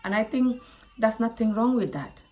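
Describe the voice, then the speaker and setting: A woman from Africa telling a personal story to camera, animated, with quiet asides and whispers. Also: a little high, moderate pace. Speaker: vlogger.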